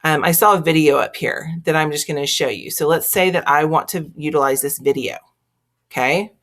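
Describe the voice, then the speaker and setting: A woman's voice: deep voice, fairly quick, a bit bright. A woman with a Texas accent teaching a screen-recorded tutorial, chatting step by step through each click. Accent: Texan.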